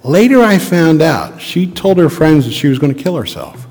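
Middle-aged pastor, a man with a slightly high voice, earnest and reflective, heard in a church with long reverb. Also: sing-song, moderate pace, darkish tone. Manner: earnest, reflective storytelling with rhetorical questions. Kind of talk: sermon. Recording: long reverb of a large hall.

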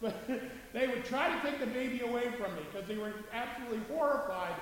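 A man's voice: very high-pitched, a little fast, a bit bright. A man preaching a sermon in a conversational, humorous way, with many asides. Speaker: pastor. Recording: echoey hall from far off, faint hiss.

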